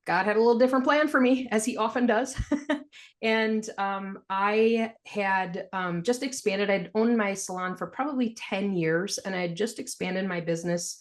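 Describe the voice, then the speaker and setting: A woman, a podcast guest, telling her story in a frank, animated way and laughing through hard memories. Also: mid-range voice. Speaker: podcast guest, financial planner. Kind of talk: candid storytelling interview.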